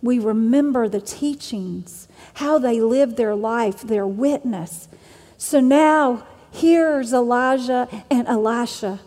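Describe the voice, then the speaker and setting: A woman's voice: fairly high pitch, takes it slowly, mellow, big-room sound. A woman preacher delivering a sermon with an emphatic, repetitive cadence.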